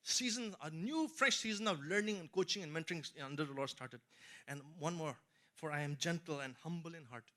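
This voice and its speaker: Bright high-voiced man preaching a sermon. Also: fairly quick. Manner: earnest testimony, rising emphasis and repeated asides to listeners.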